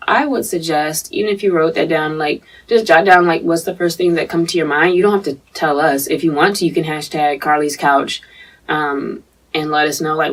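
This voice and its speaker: A woman from North Carolina co-hosts a laid-back podcast with a light Southern accent and an easy, chatty flow. Her voice sits low and a little husky, and she is heard from some distance off the microphone. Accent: light Southern American. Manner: relaxed, chatty, many "like" fillers. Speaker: podcast co-host. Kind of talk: casual chat.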